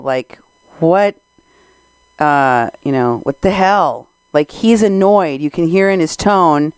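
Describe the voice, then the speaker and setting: A woman's voice: deep voice, expressive, a little slow, darkish tone, clean tone, no room sound. A Mexican American woman hosting a podcast, commenting on recorded clips in an indignant, sarcastic way. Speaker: podcast host.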